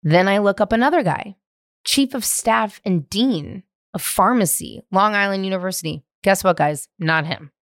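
Her mid-range voice moves at a moderate pace as this podcast host, a woman in her thirties from San Francisco, recalls a story from her teens. She records solo at home in the living room, rambling animatedly with profanity and many "like" fillers. Audio is dry and studio quality.

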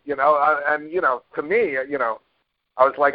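A man's voice: a little high, moderate pace. A man being interviewed as a guest, telling stories casually with many fillers and restarts. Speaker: guest, network marketer. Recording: dull lo-fi audio.

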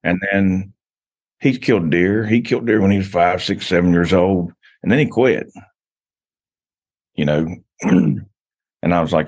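Deep-voiced rambling man. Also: a little slow, long pauses, darkish tone. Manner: rambling, storytelling, frequent restarts. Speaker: podcast guest, hunter. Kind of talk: casual podcast chat.

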